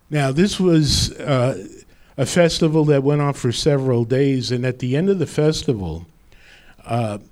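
A man's voice: fairly high pitch, darkish tone. A man preaching a sermon as pastor, quoting scripture with rising emphasis.

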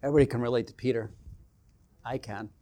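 A man's voice: medium pitch, fairly even intonation, fast, warm tone. A man preaching a sermon, retelling scripture stories and acting out the quoted exchanges, building in intensity as he goes.

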